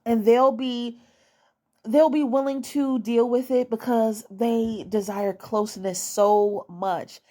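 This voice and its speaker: A woman's voice: a little high, steady tone, slow pace, mellow. A young woman giving dating advice in a casual monologue at home. She is blunt and profane and repeats her points to hammer them home.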